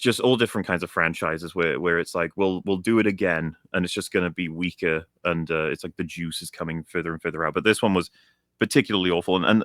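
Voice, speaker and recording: A young man ranting on a stream about a video game, animated and profane. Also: low voice, no echo, clean studio sound. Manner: animated, profane, mocks characters in put-on voices. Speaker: stream guest.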